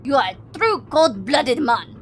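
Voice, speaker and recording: A woman voicing a gruff, accusing male ship officer in a clipped, threatening put-on accent. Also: high voice, big pitch swings, a little slow, background noise. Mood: menacing.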